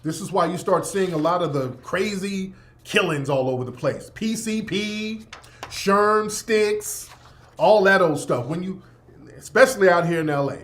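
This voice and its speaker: A man's voice: high-pitched, unhurried, fairly bright tone. A man hosting a radio show, delivering a blunt, profane, emphatic opinion monologue. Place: Los Angeles.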